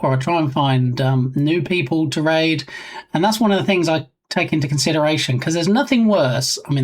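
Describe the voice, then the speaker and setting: A British man chatting casually on a live stream, reading chat messages aloud and reacting. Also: a little high.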